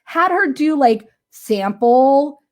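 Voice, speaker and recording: High-voiced woman business coach. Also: slow. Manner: animated storytelling, frequent "right?" and laughs. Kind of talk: casual motivational talk.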